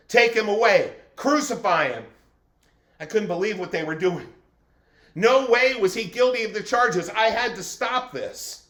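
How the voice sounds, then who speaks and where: A man's voice: sits high, fairly bright tone. A man playing a fearful Roman governor, voicing an anguished inner monologue in a dramatic first-person portrayal. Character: anxious male Roman governor, torn and fearful. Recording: echoey room.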